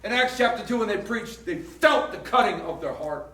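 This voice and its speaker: A man preaching a sermon as a pastor, emphatic and repetitive, now and then rising to a shout. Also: high voice, lively intonation, normal speed. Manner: emphatic, repetitive, swings loud. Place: church hall. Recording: roomy echo from far off.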